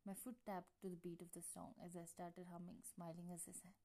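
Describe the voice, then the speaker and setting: A woman's voice: fairly low pitch, flat delivery, a little fast, mellow. A woman reading fan fiction aloud in the first person, casual, with small slips and restarts. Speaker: reader.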